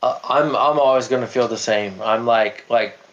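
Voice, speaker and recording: A man's voice: mid-range voice, moderate pace, fairly bright tone. A man hosting a livestream who argues heatedly, stammers and repeats himself as he tells a story. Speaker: livestream host. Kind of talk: heated debate. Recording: dull lo-fi stream audio.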